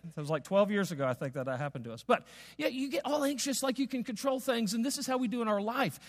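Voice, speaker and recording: A man's voice: extremely high pitch, lively intonation, fast. A man preaching a sermon as pastor, telling a story conversationally, with asides, fillers and restarts. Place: church sanctuary. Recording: long reverb of a large hall.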